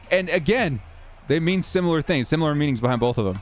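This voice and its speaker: Faint 1980s-style music sits behind this live stream host, who calls simulated football plays casually and talks to viewers between them. His voice is fairly high, animated, and quick.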